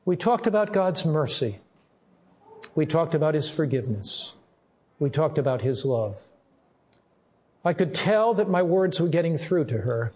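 Older male pastor, slightly high voice, earnest and measured sermon delivery that slows to stress key words. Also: sing-song, a little mellow.

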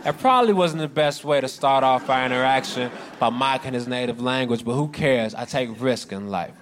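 A man doing stand-up, telling a story sarcastically and shouting out bits. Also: mid-range voice, moderate pace, noisy background. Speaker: stand-up comedian.

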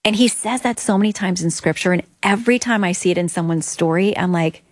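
A woman's voice: lowish voice, brisk, no echo. A woman guest earnestly telling her faith story in an interview, acting out quoted lines.

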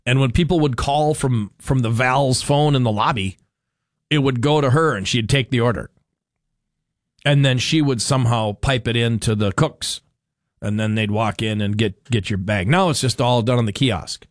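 A man's voice: mid-range voice, normal speed, dry recording, studio quality. Chatty, rambling radio host man. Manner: rambling, chatty, self-correcting with fillers. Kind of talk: casual opinionated radio talk.

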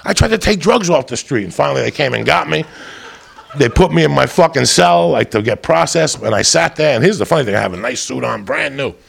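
Gravelly, profane stand-up comic. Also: male voice, medium pitch, lively intonation, a little fast. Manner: loud, profane, shouts punchlines. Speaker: stand-up comedian. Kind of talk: stand-up storytelling.

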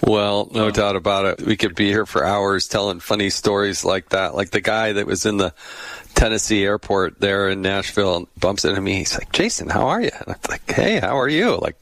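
A man's voice: low voice, level tone, moderate pace, a bit bright, no echo. A middle-aged man hosting a podcast, chatting casually, laughing and acting out voices in his stories. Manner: chatty, laughs often, acts out quoted voices. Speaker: podcast host. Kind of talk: casual interview chat.

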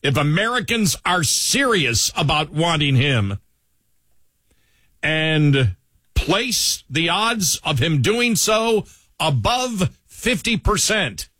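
A male talk radio host with a Buffalo accent chats casually, leaning on "you know". His voice is a touch husky and on the high side. The sound is dry and close. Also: very animated, slow, pushed and bright, dry recording. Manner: conversational, lots of "you know".

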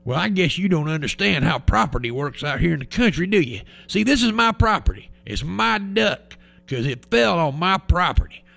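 A man voicing a big country farmer who speaks slowly and matter-of-factly. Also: on the high side, animated, gravelly, pushed and bright, soft background music, exaggerated voice. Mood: sly.

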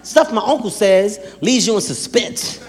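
A man performing a stand-up comedy routine, telling stories with lively acted-out quotes. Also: sits high, measured pace, background noise. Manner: animated storytelling with acted-out quotes. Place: large live venue with audience. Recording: live hall with faint ambience.

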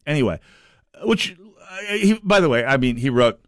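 Man, talk radio host, sarcastic monologue, animated swooping pitch, dry close sound. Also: moderate pace, no room sound. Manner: sarcastic, mocking, sharp rises in pitch for emphasis.

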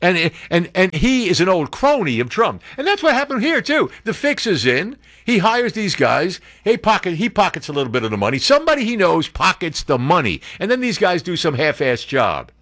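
A man's voice: high-pitched, big pitch swings, moderate pace, hardly any pauses, fairly bright tone, no room sound. Rambling older man hosting talk radio. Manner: rambling, joking, full of asides and impressions. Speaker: radio talk show host. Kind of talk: casual talk radio banter. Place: radio studio.

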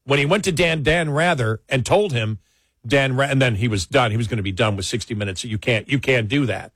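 Man in dry studio talk, animated storyteller. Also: mid-range voice, no room sound. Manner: animated storytelling, quick asides, frequent restarts. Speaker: talk radio co-host. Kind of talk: casual political talk.

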